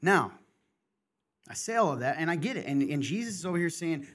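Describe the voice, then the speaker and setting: Middle-aged male podcast host, a touch high-pitched; candid, passionate, conversational. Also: lively intonation, a little fast, a bit bright. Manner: passionate, candid, talks in bursts. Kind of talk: casual chat.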